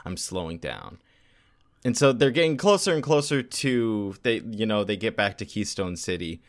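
A man's voice: on the low side, sing-song, normal speed. A man co-hosting a casual comic book podcast, rambling through the story and reading comic panels aloud. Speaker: podcast co-host.

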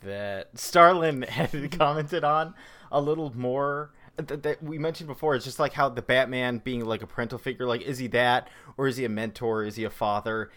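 A man's voice: mid-range voice, moderate pace, fairly bright tone. Rambling man in casual chat. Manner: rambling, many fillers and restarts. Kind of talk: casual comic book discussion.

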